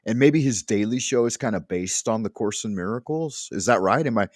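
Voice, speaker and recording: A man's voice: on the low side, animated, a little fast, darkish tone, no room sound. A man hosting a livestream from home, chatting in a loose, rambling way and swearing casually. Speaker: livestream host. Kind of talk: casual chat.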